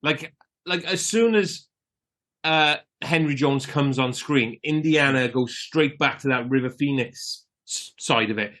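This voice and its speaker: A man's voice: mid-range voice, a little slow, fairly bright tone. Podcast guy, mid voice, jokey and casual, swears a bit. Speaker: podcast co-host. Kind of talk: casual film chat.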